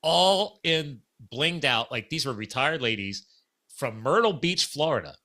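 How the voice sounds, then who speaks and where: With a fairly high pitch and a slightly slow delivery, the middle-aged man hosting the podcast relates a story in relaxed conversation. He stays animated and acts out each quoted exchange.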